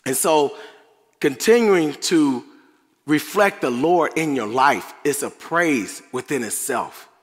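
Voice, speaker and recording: Middle-aged male preacher, slow, slightly high voice, chatty sermon with laughs, reverberant church hall. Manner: conversational, laughs often, animated asides. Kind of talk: sermon devotional.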